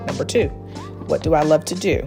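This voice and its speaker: A woman's voice: low-pitched, brisk, vocal fry, music in the background. A woman reading a scripted promo segment in an encouraging tone, listing reflection questions. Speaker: podcast host.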